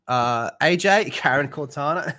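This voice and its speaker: A man's voice: fairly high pitch, bright, forceful tone. A young man with an Australian accent, chatting crudely and swearing a lot on a live stream, laughing often. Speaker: streamer reviewing a TV show. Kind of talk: casual live-stream chat.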